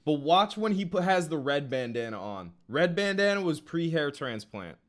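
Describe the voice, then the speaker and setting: Guy on a reaction stream, kinda high voice, loose and swearing, riffing to chat. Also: sing-song, normal speed. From Minnesota. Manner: loose, profane, joking asides to chat.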